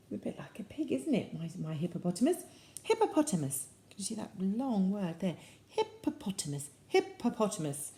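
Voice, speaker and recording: A woman's voice: mid-range voice, lively intonation, fast, few pauses, dark tone, echoey room. A woman reading a picture book aloud to children in a playful, sing-song way, often asking them questions. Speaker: children's storyteller.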